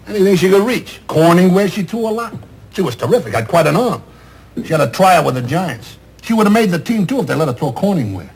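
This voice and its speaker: An actor playing a middle-aged theatrical agent, loud, sardonic and self-pitying, in a 1970s TV drama. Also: male voice, high voice, sing-song, brisk, slight background noise. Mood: wisecracking. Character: loud, bitter, wisecracking male theatrical agent. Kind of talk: 1970s television drama acting.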